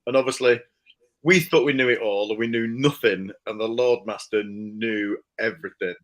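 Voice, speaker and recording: A man telling a casual anecdote, animated and laughing as he acts out the people he quotes. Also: lowish voice, moderate pace, low-quality recording. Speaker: storyteller.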